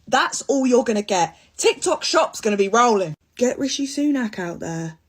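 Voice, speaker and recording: A woman's voice: on the high side, expressive, moderate pace, breathy edge. A young woman doing a sarcastic, dramatic comic monologue for social media. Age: young adult.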